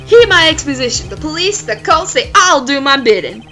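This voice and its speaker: A woman's voice: high-pitched, very animated, moderate pace, pushed and bright, faint music behind, pitched above the performer's own voice, full character voice. A woman voicing a pompous, scheming male company boss who talks in a grandiose, theatrical sneer. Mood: gloating.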